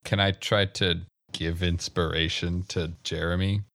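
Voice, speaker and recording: A man playing a tabletop game, joking and excitable. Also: deep voice, a little slow. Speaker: player. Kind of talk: casual tabletop play.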